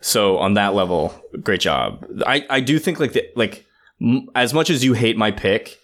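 Animated, joking man co-host. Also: on the low side, moderate pace. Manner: animated, joking, filler-heavy. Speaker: podcast co-host. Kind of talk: casual film discussion.

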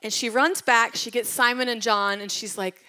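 A woman's voice: fairly high pitch, fairly even intonation, normal speed, sharp tone. A woman retelling Bible stories in a casual devotional talk. She tells them with animation and drops to a whisper at tender moments. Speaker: Bible teacher.

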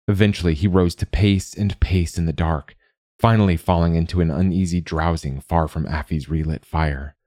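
A man narrating a fantasy story in a steady, measured reading. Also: low voice, no echo, clean studio sound.

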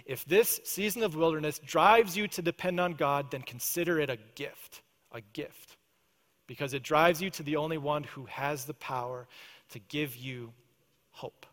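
A male pastor preaching a sermon, earnest, often dropping to a soft, intense prayer voice. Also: on the high side, moderate pace. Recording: church hall reverb.

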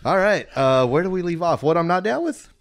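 A man's voice: high voice, animated, fairly quick, no echo. A man in his twenties co-hosting a podcast, joking around and laughing often in casual chat. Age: 20s. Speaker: podcast co-host.

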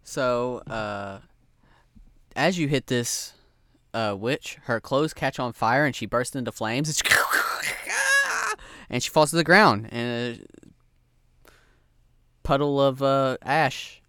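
Laughy woman game master, bright voice, dry close sound. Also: very deep voice, a little slow, no echo. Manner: laughs often, lively narration. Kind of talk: narrating a tabletop game.

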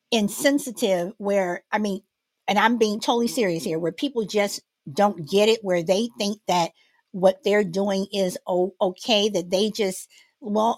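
A woman's voice: medium pitch, a little mellow. A woman hosting a casual talk show, often restarting and repeating words as she asks questions.

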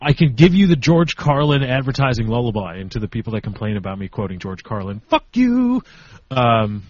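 A man's voice: mid-range voice, fast, a little mellow, no echo, lo-fi sound. A man in his twenties co-hosting a podcast, chatting casually, hesitant and self-deprecating. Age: 20s. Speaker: podcast co-host. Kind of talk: casual chat.

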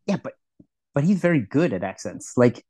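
A man co-hosting a podcast in casual chat, rambling and swearing, with sudden excited loud bursts. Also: medium pitch, brisk, husky, no room sound. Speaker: podcast co-host.

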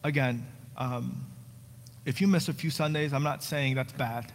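Earnest young pastor in a reverberant hall. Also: male voice, medium pitch, fairly even intonation, measured pace, vocal fry. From New Jersey. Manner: conversational, joking asides, earnest pleading. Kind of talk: sermon. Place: church sanctuary. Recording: long church hall reverb.

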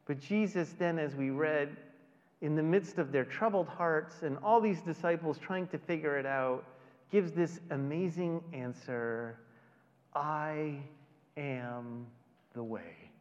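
A middle-aged male pastor preaching a conversational sermon in a church, with dramatic pauses. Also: fairly high pitch, darkish tone. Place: large church hall. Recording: dull audio with long hall reverb.

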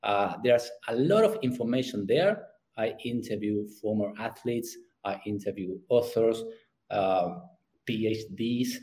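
A middle-aged man with a Spanish accent, a youth sports parenting coach who repeats words as he searches for his phrasing and grows animated when telling stories. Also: lowish voice, a little slow, low-quality recording. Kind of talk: conversational interview.

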